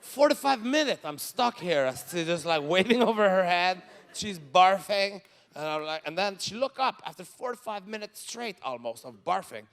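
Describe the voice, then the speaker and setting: A man with a Quebec French accent performing stand-up comedy live, telling stories in an animated way and acting out what people said. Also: high voice, normal speed, hardly any pauses. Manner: animated storytelling, acting out quotes. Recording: reverberant live venue with ambience.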